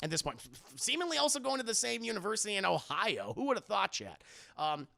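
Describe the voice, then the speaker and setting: A high, bright male voice with a gravelly edge, chatting through a film review on a live stream. He is animated and swears freely, laughing often as he speaks straight to his viewers. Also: quick pace. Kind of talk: casual live-stream commentary.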